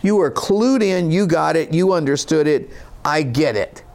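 A man's voice: a little high, animated, unhurried, a little mellow. A man preaching a sermon, reading scripture and explaining it in a conversational, folksy way with casual asides. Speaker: pastor.

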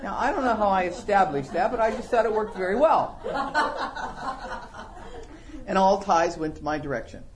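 A middle-aged man giving a sermon-style Bible lesson, animated and joking, full of rhetorical questions. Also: sits high, moderate pace, long pauses. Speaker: Bible class teacher.

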